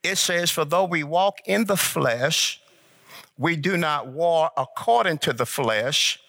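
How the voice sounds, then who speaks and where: A male pastor preaches in a slow, deliberate cadence, leaning hard on repeated phrases. His voice sits a little high and sounds bright and forceful. He keeps calling on the congregation to say the words back to him. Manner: call-and-response, urging the congregation to repeat. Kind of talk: sermon.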